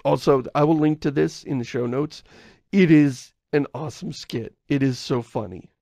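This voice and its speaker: Gravelly man rambling on a podcast. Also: on the high side, moderate pace, warm tone, no room sound. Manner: rambling, self-correcting, chuckles often. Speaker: podcast co-host. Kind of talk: casual podcast chat.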